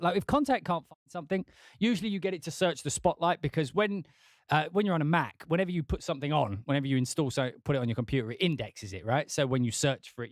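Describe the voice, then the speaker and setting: Swearing composer chatting on stream. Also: male voice, a little high, dry recording, clean studio sound. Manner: swearing, self-mocking, talking to chat while working software; putting on a mock Scottish accent. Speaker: composer streaming his work. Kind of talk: casual livestream chat.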